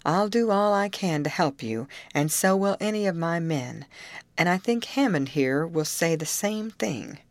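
A woman reading aloud, voicing a rough but honest middle-aged male labor contractor in a blunt, folksy way. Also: fairly low pitch, expressive, measured pace, no echo. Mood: gruff, hearty.

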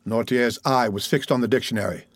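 A man reads a classic novel aloud in a measured, even way. His voice sits at a typical middle pitch. The recording is close and dry, with no room sound. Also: no room sound. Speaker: audiobook narrator. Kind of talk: scripted narration of a classic novel.

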